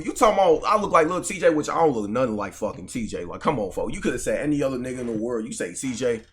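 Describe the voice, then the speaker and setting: Slangy young male streamer, lively pitch. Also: quick pace, hardly any pauses. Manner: slangy, profane banter with chat. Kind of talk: live stream reaction chat.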